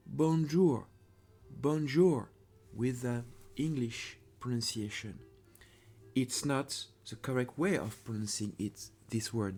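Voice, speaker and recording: Slow, lively French-accented man teaching. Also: mid-range voice. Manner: pauses often, repeats French words slowly. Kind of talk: slow, careful language lesson.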